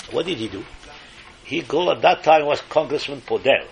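Animated older man. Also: mid-range voice, moderate pace, creaky, a little hiss or hum. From Morocco. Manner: animated, emphatic, mixes in Hebrew phrases. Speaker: speaker giving a religious talk. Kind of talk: storytelling sermon.

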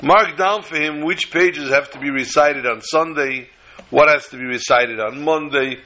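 A man recounts a story in the manner of a sermon, with an expressive, dramatic delivery. His voice is very bright and sits somewhat high for a man. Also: normal speed, poor audio.

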